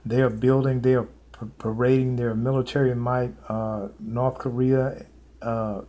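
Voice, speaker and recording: A man speaking an informal sermon to camera, earnest and repetitive, with many pauses and fillers as he warns of coming events. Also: medium pitch, level tone, mellow. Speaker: preacher sharing prophetic visions.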